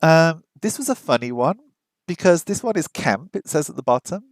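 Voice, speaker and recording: A man chatting casually on a live stream, thinking aloud and slowly sounding out and repeating foreign words as he studies on a language app. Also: a little high, lively intonation, dry recording, studio quality. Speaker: live streamer learning Japanese. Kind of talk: casual chat while studying on a language app.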